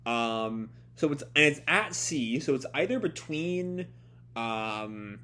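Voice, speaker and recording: A man reading a comic aloud and reacting, excitable, swearing and thinking aloud as he goes. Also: medium pitch, slow. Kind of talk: casual read-along commentary.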